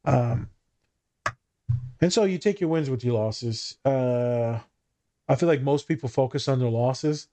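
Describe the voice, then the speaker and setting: A man's voice: medium pitch, unhurried, pauses often, warm tone. Male therapist-host, frank and foul-mouthed, loose joking delivery. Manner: blunt, profane and joking. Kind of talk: casual podcast chat.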